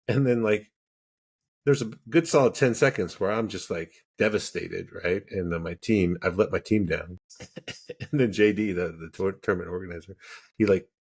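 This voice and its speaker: A man's voice: sits low, darkish tone, husky. A man co-hosting a podcast, telling a story in casual chat and animatedly acting out the dialogue. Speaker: podcast co-host.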